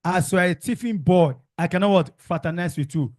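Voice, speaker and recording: A man's voice: sits high, brisk, a little mellow, no echo, clean studio sound. Male teacher drilling a class. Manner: call-and-response drilling, asks questions and repeats answers. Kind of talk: classroom revision lesson.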